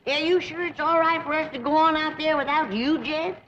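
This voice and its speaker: Crotchety old hillbilly granny. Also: female voice, sits high, steady tone, fairly quick, a bit bright. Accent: Ozark rural Southern. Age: older. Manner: scolding folksy drawl. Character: feisty old backwoods granny, suspicious and blunt. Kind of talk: 1960s TV sitcom acting. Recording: dull old TV audio with hiss.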